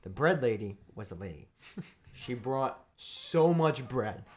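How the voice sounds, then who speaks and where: A man's voice: mid-range voice, animated, takes it slowly, a little mellow. A man co-hosting a podcast in casual chat, telling a rambling, joking story. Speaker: podcast co-host.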